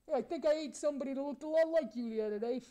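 Over a comedy video chat, a performer gives voice to a razor-toothed, ugly, brash male monster heckling strangers. The natural-sounding voice is high and mellow, racing along in crude, mock-flirtatious taunts full of brash mockery.

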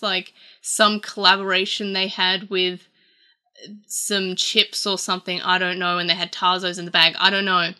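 A woman's voice: mid-range voice, sharp tone. A woman with an Australian accent, hosting her channel in a rambling, casual vlog chat full of "like" fillers. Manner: rambling, chatty, lots of "like" fillers. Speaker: channel host. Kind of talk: casual vlog talk to camera.

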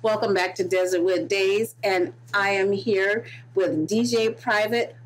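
A woman's voice: medium pitch, steady tone, measured pace, soft background music, low-quality recording. A woman hosting an interview show, friendly and attentive, asking questions and giving short prompts. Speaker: podcast host.

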